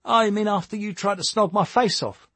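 Give me a cheeky, teasing young man, as a male narrator puts him on, high and lively. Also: a little slow, slightly rough, dry recording, full character voice. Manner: playful, teasing.

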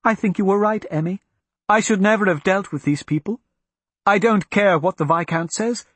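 A man voicing a frightened, proper noblewoman in a storybook reading, raising his pitch to a worried tone. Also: moderate pace, a bit bright, husky, no echo. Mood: anxious.

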